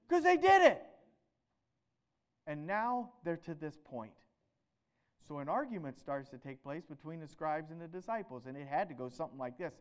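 A man preaching a sermon, animated, asking rhetorical questions and swinging between loud emphatic bursts and quieter stretches. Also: high-pitched, smooth.

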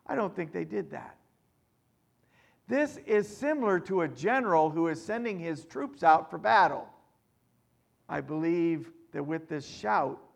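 A man delivers a sermon at an unhurried pace. His voice sits high and carries a gravelly rasp. He builds to forceful peaks when he reads scripture, then drops to quiet, conversational asides. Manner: preaching with strong swings between loud emphasis and quiet asides. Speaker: pastor.

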